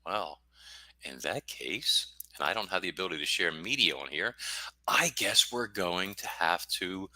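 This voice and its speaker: Deep-voiced, rambling American man. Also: sharp tone, no echo. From United States. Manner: rambling, jokey, self-deprecating. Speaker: guest author. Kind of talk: casual podcast interview.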